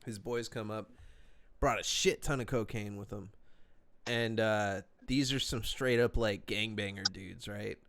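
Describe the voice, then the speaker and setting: A man's voice: on the low side, steady tone, measured pace, fairly bright tone. A young man casually telling a story on a podcast, laid-back and profane, full of slang and fillers.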